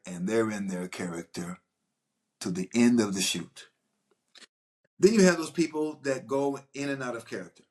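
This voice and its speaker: A man with a fairly low voice spins an animated, rambling story from a film set. He keeps restarting his sentences and circling back as he talks, in a relaxed conversational tone. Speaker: actor guest recalling a film shoot. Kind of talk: casual anecdotal storytelling.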